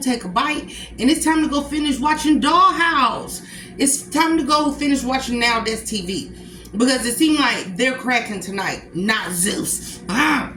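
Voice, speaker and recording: A woman's voice: on the high side, sharp tone, reverberant, a little hiss or hum, low-quality recording. Chatty woman vlogging from home. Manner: chatty, addresses viewers directly as y'all. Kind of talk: casual chat to viewers. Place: at home while eating a meal.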